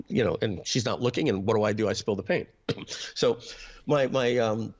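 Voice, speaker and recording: A man being interviewed, reflectively telling family stories about his upbringing and often clearing his throat. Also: medium pitch, a little fast. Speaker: interview guest, internet marketer. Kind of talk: personal storytelling in an interview.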